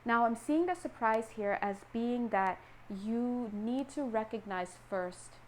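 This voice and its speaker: Brief: woman tarot reader, lively and chatty, slips into voices for the people she quotes, faint noise behind her. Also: on the high side, slow pace, rough recording. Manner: animated, acts out quoted voices. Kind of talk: casual tarot reading.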